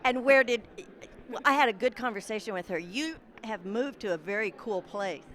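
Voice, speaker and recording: Female emcee, 60s, playful and gushing, bright edge, slightly high voice. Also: moderate pace. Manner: effusive, teasing emcee. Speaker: red carpet interviewer at a class reunion. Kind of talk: casual event interviews.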